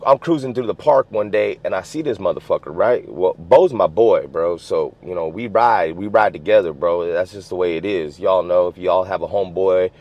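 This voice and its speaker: Deep-voiced man telling a street story. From US West Coast. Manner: streetwise, profane slang, lots of "you know what I'm saying". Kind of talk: casual storytelling. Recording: dull lo-fi sound.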